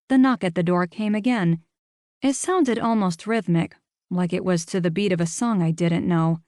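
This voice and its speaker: A woman's voice: lowish voice, a little mellow, no echo. Woman, audiobook narration, first person, wry humor, close mic, dry.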